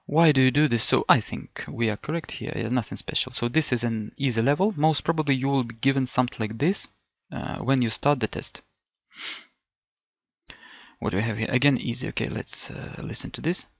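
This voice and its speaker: This middle-aged man from Ukraine has a gravelly, medium-pitched voice and talks a little fast. He coaches a student for a language test over a screen, reasoning out loud, repeating himself, and correcting his own slips amid many fillers; the audio carries no room sound.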